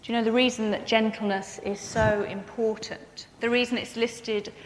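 A woman's voice: on the high side, normal speed, a little hiss or hum. Woman preaching in a reverberant hall. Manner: earnest, turns animated and expressive when telling a story. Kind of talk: sermon with personal story. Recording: echoey hall with long reverb.

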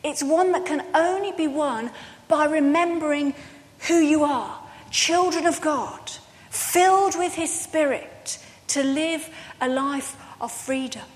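A woman with a high voice preaches a sermon, and she tells her stories in a lively way. Her voice rings out with the long reverb of a church hall. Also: takes it slowly. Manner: lively storytelling, acting out dialogue with laughs.

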